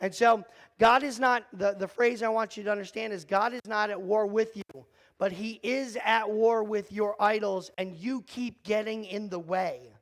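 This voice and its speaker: High-voiced joking man in a youth room. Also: steady tone, normal speed, no room sound, low-quality recording. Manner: joking, self-deprecating, talks to the kids in the room. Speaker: youth pastor. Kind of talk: casual youth group talk. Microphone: handheld or headset mic.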